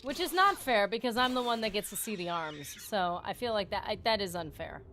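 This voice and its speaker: A woman's voice: mid-range voice, lively intonation, brisk, bright, forceful tone, faint music behind. A woman livestreaming a video game, chatting with her viewers in a giggly, rambling and playful way, teasing them and her partner. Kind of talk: casual gaming livestream chat.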